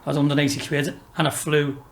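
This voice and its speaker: A man's voice: fairly high pitch, flat delivery, quick pace, vocal fry, a little hiss or hum. A man in his fifties from Liverpool with a Liverpool accent, a guest telling rambling, sweary stories with frequent laughs. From Liverpool, England. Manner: rambling, swearing storyteller who laughs often. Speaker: guest, racehorse owner. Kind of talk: casual chat.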